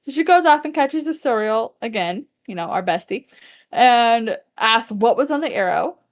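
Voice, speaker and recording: A woman co-hosting a podcast, recapping a book in casual chat, animated and laughing often as she acts out characters' lines. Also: on the high side, moderate pace. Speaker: podcast co-host.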